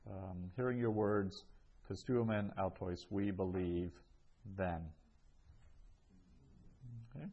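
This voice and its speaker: Low-voiced male teacher, unhurried lesson delivery, muffled lo-fi sound. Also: steady tone, mellow. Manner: reads each phrase twice, then translates, with frequent ums. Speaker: Greek teacher. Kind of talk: slow explanatory language lesson.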